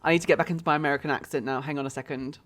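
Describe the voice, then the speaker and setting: A woman's voice: deep voice, steady tone, very fast. A woman streaming a life-simulation game, chatting bluntly to herself and viewers as she furnishes a store. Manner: chatty and blunt, talks to herself while building. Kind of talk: casual gameplay commentary.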